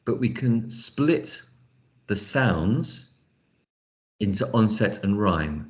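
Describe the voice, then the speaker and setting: A man's voice: fairly low pitch, animated, slow, pauses often, reverberant. A man teaching an online phonics lesson, explaining step by step with frequent fillers. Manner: explanatory, thinks aloud with fillers. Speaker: lecturer.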